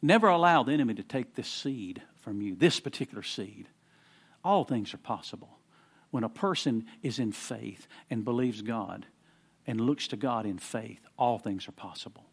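Preaching in a conversational style, a man swings from quiet explanation to fervent emphasis, often repeating himself. His voice is medium-pitched, animated, and slightly breathy, at a normal speed.

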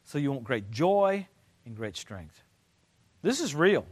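An older man preaching a sermon, telling stories and swinging from loud excited bursts to low quiet stretches. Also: slow pace. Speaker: pastor.

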